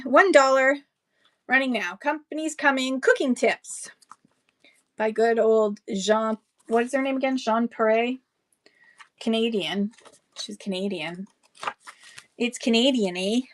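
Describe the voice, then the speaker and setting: Chatty woman selling books live. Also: on the high side. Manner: chatty, rambling asides, thanks buyers by name. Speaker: live-stream book seller. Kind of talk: casual live-auction selling chat.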